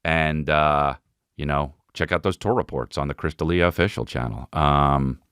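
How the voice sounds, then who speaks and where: A man's voice: rumbling low, normal speed, a bit bright, smooth, no echo, clean studio sound. A man hosting his own podcast, telling rambling, profane comic stories and imitating voices and sounds along the way. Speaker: podcast host. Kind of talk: casual comedic monologue.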